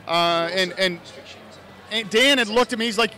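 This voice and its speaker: An American man with a high, forceful voice answers interview questions. He talks earnestly and at length, often restarting phrases as he goes. His tone is bright and energetic. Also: fairly quick. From United States (Idaho). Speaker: actor and fan filmmaker, interview guest. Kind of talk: casual interview.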